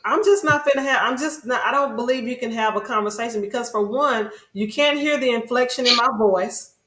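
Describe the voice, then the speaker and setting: A woman hosts a podcast, chatting casually and earnestly in long, rambling stretches. Her fairly high, fairly bright voice runs a little fast, and the recording has a roomy echo.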